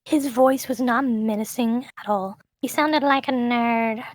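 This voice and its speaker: A woman's voice: a little high, unhurried, dry recording, studio quality. A woman interviewing a streamer in casual chat about games, giving emphatic, enthusiastic opinions.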